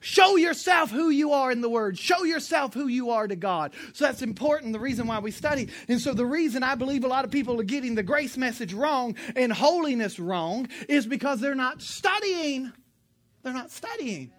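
A woman preaching a sermon in a lively, emphatic way, with joking asides and sudden bursts of loud emphasis. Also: sits high, moderate pace.

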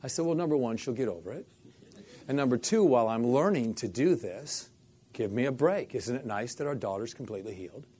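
Middle-aged man, storyteller, acts out every line of dialogue, mid-pitched voice. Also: a little fast, husky. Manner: animated storyteller, acts out quoted dialogue, repeats "I said". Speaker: faith healing minister telling a story. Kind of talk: storytelling interview.

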